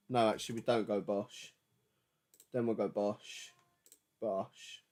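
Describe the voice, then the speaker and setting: A man chatting loosely and excitedly while producing music on a livestream, with slangy, jokey banter. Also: fairly low pitch, takes it slowly, pauses often. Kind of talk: casual livestream chat.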